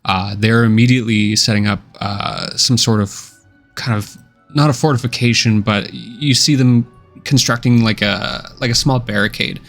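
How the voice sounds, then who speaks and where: A man narrating a fantasy tabletop game as game master in a relaxed, descriptive way. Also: medium pitch, normal speed, faint music behind. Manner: relaxed, descriptive, many uh and kinda fillers.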